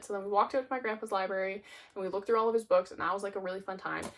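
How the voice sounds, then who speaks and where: A young woman reviewing her monthly reads on camera. She talks in a relaxed, rambling way, dropping "like" into nearly every sentence. Her voice sits at an ordinary middle pitch. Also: quick pace. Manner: chatty, peppered with "like". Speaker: book reviewer. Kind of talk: casual chat.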